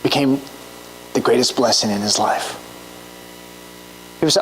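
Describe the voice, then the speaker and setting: A woman's voice: very deep voice, measured pace, pauses often, a little hiss or hum, low-quality recording. A woman preaching a sermon in a church, earnest and asking rhetorical questions.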